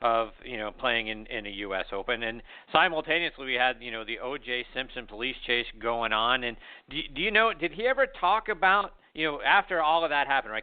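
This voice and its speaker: A man hosting a golf talk show, asking long, winding questions. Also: mid-range voice. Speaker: radio show host. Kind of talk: interviewing. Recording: tinny phone-like sound.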